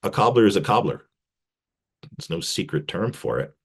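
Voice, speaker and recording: Low-voiced guy lecturing, professor type, jokey asides, jumps up on the big points. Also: normal speed, slightly rough. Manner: wry, joking asides; animated, pitch jumping on emphasis. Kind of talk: casual literature lecture.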